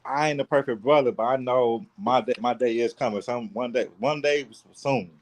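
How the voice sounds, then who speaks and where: A man co-hosting a casual talk show, calm and laid-back, speaking plainly. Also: mid-range voice, normal speed, a little hiss or hum. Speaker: podcast co-host. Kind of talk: casual chat.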